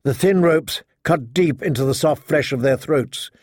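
A man narrating a fantasy audiobook in a measured, steady storytelling manner. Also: on the high side, dry recording, clean studio sound.

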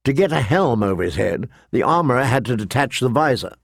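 A man narrating a fantasy novel in a measured storytelling manner, voicing the characters. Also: medium pitch, very animated, creaky, no room sound, clean studio sound. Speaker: audiobook narrator. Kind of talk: scripted narration.

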